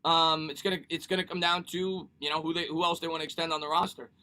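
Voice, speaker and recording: A man's voice: fairly high pitch, level tone, quick pace, bright, forceful tone. A man hosting a casual live sports stream, talking energetically, repeating himself and reading viewer comments aloud.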